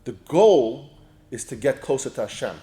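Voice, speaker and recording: A man's voice: mid-range voice, expressive, normal speed, reverberant. A man teaching an informal Torah class, explaining ideas with many restarts and a storytelling manner. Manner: storytelling, drops soft when telling a story, many restarts.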